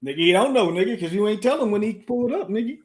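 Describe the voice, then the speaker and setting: A man with a fairly high voice fires off mocking jabs at a co-host at high speed. He talks fast and needling. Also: animated. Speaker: boxing show co-host. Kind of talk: rapid trash-talk banter.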